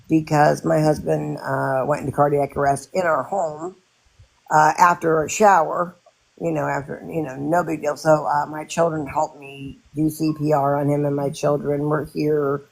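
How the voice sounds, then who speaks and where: A woman talking casually in a live stream, telling her story in halting bursts with many restarts. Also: deep voice, creaky, darkish tone. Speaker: podcast host and widow.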